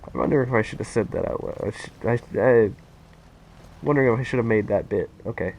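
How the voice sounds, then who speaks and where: A young man chatting casually and excitedly with his viewers while playing a game on a live stream. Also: fairly low pitch, fairly quick, gravelly, narrow, tinny audio, a little hiss or hum. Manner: excitable, rambling, talks to chat.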